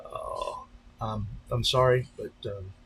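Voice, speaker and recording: A man's voice: fairly low pitch, fairly even intonation, slow pace, creaky, a bit bright, a little hiss or hum. A man, a pastor, chatting casually on a live stream, rambling and talking straight to his viewers. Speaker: pastor and drone-racing streamer.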